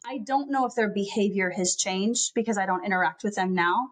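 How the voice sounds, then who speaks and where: A woman guesting on a podcast recounts a personal story earnestly, filling it with lots of "um" and "like." Her voice is medium-pitched and she speaks fairly quickly.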